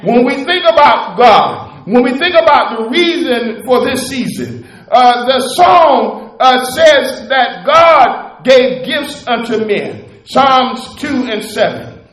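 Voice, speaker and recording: A man preaching a Christmas sermon with a preacher's cadence, lifting into shouts and half-sung phrases. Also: very high voice, big pitch swings, takes it slowly, roomy sound, low-quality recording.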